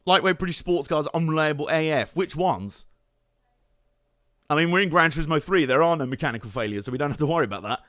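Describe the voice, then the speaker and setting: A man giving joking, excitable live commentary while playing a racing game and chatting to his viewers. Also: on the high side, fast talker, no echo. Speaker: streamer. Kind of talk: live let's-play commentary. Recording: game car noise underneath.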